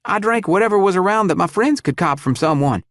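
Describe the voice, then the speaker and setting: A male narrator puts on a jittery young survivor, barely out of his teens. He rambles and apologizes in a high, excitable voice that leaps around, with a close, dry sound. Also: a little fast, no room sound. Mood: apologetic. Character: young man under twenty-one, eager and nervous.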